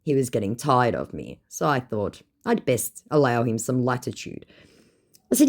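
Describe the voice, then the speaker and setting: A woman's voice: extremely low pitch, big pitch swings, normal speed. An Australian woman narrating her scam-baiting chats in a dry, sarcastic storytelling tone.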